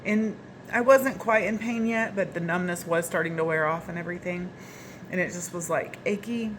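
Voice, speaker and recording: A woman's voice: mid-range voice, slight background noise. A woman with a Southern US accent, chatting casually to camera as a vlogger and rambling along with small laughs.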